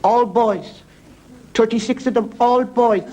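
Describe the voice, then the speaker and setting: A man's voice: very high voice, steady tone, slow, a little mellow, pitched above the performer's own voice, rough recording. A man voicing a fervent middle-aged woman who gushes in breathless exclamations. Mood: gushing.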